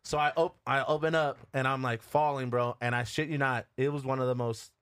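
Male podcast co-host, casual storyteller, animated, laughs a lot, mid-range voice. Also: mid-range voice, fairly quick, clean tone. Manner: animated, laughs often, swears freely.

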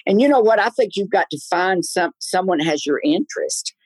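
A man, a guest on a talk show, telling stories in an animated, theatrical way. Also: normal speed, no room sound, poor audio. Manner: lively, theatrical, swoops up high in his laughs. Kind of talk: animated storytelling in a chat show.

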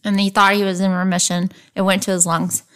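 A woman's voice: mid-range voice, flat delivery, a little fast, fairly bright tone, smooth. A woman co-hosting a true-crime podcast in casual, teasing chat, laughing often. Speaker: podcast co-host.

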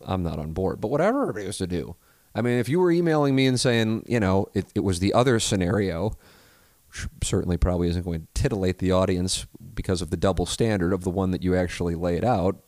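Deep-voiced man rambling casually. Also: darkish tone, dry recording, clean studio sound. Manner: profane, loose, full of restarts and hedging asides. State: married. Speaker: podcast host answering listener email.

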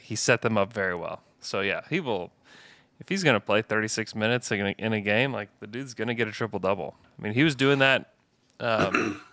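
A man's voice: lowish voice, gravelly, fairly bright tone, dry recording. A man co-hosting a podcast in casual chat, rambling with hesitant restarts. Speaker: podcast co-host.

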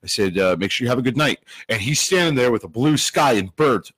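A man's voice: mid-range voice, lively intonation, a little fast, a bit bright, breathy edge, no room sound. A man co-hosting a podcast, talking easily, laughing often and using lots of fillers. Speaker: podcast co-host. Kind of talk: casual chat.

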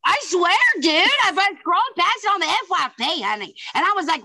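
A woman's voice: extremely high pitch, fairly quick, hardly any pauses, no echo. A woman with a Southern accent, a podcast guest in casual chat, sassy, swearing freely and calling everyone honey and girl. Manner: swears freely, animated storytelling.

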